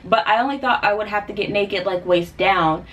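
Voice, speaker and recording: A woman's voice: medium pitch, normal speed, recorded from a distance, highs cut off, slight background noise. Young woman, casual vlog storytelling, lots of fillers, a bit away from the mic. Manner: chatty, filler-heavy, animated when quoting. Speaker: vlogger.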